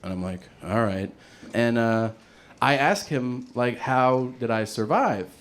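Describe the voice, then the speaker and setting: A male stand-up comedian telling a story, acting out the people in it in an animated way. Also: mid-range voice, takes it slowly. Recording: noisy played-back clip.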